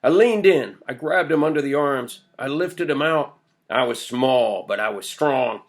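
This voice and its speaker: A man's voice: mid-range voice, animated, measured pace, close to an everyday voice. A man reading an old villager's first-person tale of his boyhood, told in earnest storytelling. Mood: excited. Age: older. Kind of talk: audiobook character voice.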